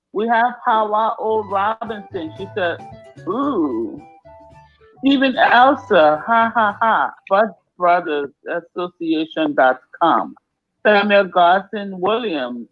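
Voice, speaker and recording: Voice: medium pitch, muffled recording. A radio host, reading out listener comments live on air.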